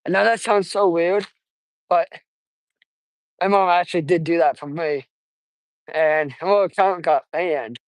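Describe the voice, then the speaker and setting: An eighteen-year-old man vlogging on a casual walk outdoors, talking quietly and rambling with halting restarts, recorded on wireless earbuds. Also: a little high, no echo, rough recording. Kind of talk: casual walking vlog.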